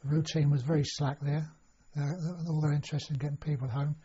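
A man's voice: a little high, flat delivery, brisk, dark tone, husky. An older man telling a long personal story in an oral history interview, rambling and full of fillers and restarts. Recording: dull lo-fi recording.

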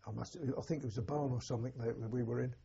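An older English man, a war veteran, telling an oral history in a halting, plain-spoken way with a husky voice. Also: medium pitch, steady tone, warm tone, muffled recording, a little hiss or hum. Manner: halting, plain-spoken storytelling with many restarts. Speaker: war veteran recounting memories.

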